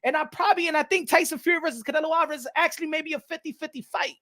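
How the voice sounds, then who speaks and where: A man's voice: very high voice, rapid-fire, bright, forceful tone. A man doing casual, rambling and sarcastic boxing commentary in slangy talk.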